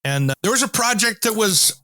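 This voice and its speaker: A man's voice: sits high, fairly quick, no room sound. A man hosting a home improvement show, telling stories in a casual chat and acting out the people he quotes. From Pacific Northwest, US. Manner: animated storyteller, acts out quotes.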